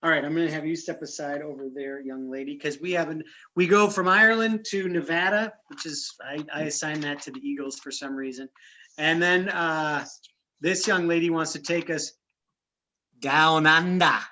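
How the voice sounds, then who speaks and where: Guy hosting a casual chat on his computer mic, rambly, keeps restarting, bright tone. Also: on the high side, steady tone, normal speed. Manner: rambling, chatty, self-interrupting. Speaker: host.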